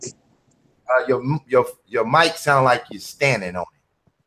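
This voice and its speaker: A man's voice: medium pitch, animated, takes it slowly, pushed and bright. A man hosting a casual commentary livestream, talking in a profane, preachy, motivational way. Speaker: channel host.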